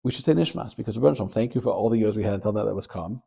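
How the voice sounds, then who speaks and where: Fast-talking gravelly rabbi telling a story. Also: male voice. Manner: animated storyteller, gets louder and higher at the story's peak. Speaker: rabbi and Torah teacher. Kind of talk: short Torah talk with storytelling.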